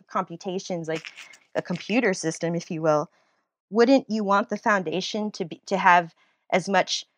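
An animated woman chatting as an interview guest, mid-pitched and talkative. She laughs easily and often restarts her sentences. The recording is dry and close, with no room sound. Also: no echo. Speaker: guest, nurse and writer. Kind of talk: casual conversational interview.

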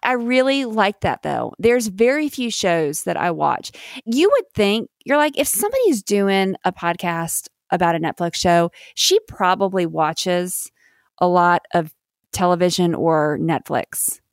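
Chatty American woman with a creaky voice. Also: lowish voice, very animated, measured pace, no room sound, studio quality. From United States. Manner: chatty, self-deprecating, laughs often. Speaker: podcast co-host. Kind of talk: casual chat.

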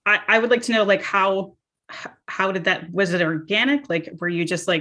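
A woman's voice: mid-range voice, normal speed, bright, forceful tone. A woman interviewer asking questions in a chatty, casual way full of fillers. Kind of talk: conversational interview.

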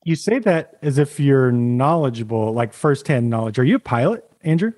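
A man, a podcast host, telling a lively anecdote in casual chat. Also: mid-range voice, moderate pace. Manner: animated anecdote telling with laughs.

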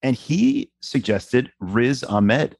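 A man co-hosting a podcast, talking in a measured, thoughtful way with many fillers. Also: medium pitch, huge pitch swings, creaky, a little mellow, slightly rough, no echo. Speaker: podcast co-host. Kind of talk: casual podcast chat.

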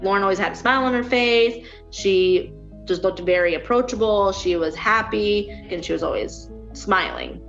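A woman speaks about her older sister in a documentary interview, soft and simple. The recording sounds dull and muffled, with faint music under it. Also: mid-range voice, expressive, moderate pace. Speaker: interviewee, victim's younger sister.

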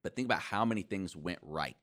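A man's voice: low voice, expressive, quick pace, a bit bright. A man co-hosting a sports talk show, chatting casually with many fillers and restarts.

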